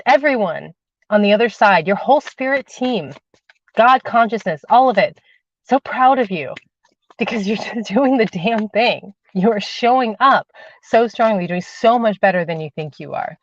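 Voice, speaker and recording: A woman's voice: mid-range voice, lively intonation, normal speed, no room sound. Woman, tarot reader, livestream host, affectionate, emphatic, repeats phrases, dull lo-fi sound, dry. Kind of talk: casual livestream chat and tarot reading.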